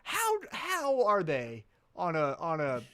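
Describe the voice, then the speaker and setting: Guy cohosting a wrestling podcast, kinda high voice, super lively, cusses a lot. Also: takes it slowly. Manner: animated, swears freely, laughs often. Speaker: podcast co-host. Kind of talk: casual wrestling chat.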